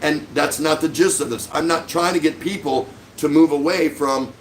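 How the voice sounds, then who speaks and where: A man's voice: fairly high pitch, fairly quick, hardly any pauses, a little hiss or hum, low-quality recording. A middle-aged man hosting a livestream, delivering an angry, sarcastic rant full of insults. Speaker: livestream host.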